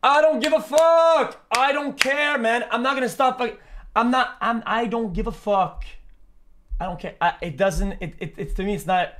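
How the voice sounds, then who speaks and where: Young streamer, high voice, rapid profane rambling, repeats himself. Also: male voice, a bit bright. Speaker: streamer reacting to a video. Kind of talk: live stream reaction commentary.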